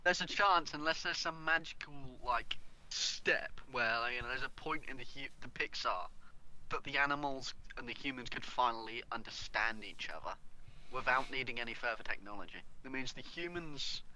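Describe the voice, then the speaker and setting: A man's voice: mid-range voice, normal speed, pushed and bright, rough recording. A man co-hosting a casual podcast, rambling as he spins out long theories. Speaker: podcast co-host.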